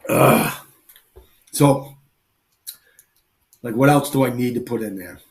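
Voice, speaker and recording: A man's voice: mid-range voice, unhurried, darkish tone. A man hosting a live stream, a former infantry grunt, chatting casually and telling rambling stories full of "like" and "you know". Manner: rambling, filler-heavy storytelling. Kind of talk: casual chat.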